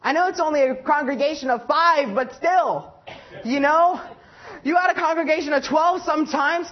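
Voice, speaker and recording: Young woman, personal testimony, rambling, halting, fillers, higher voice, muffled lo-fi recording. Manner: rambling, halting, full of self-corrections and fillers. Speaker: lay preacher giving testimony.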